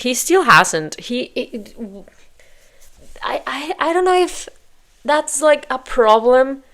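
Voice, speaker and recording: Woman, reaction video host, exasperated, talks back at the screen, gravelly fry, mid pitch. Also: fairly bright tone. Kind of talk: casual reaction commentary.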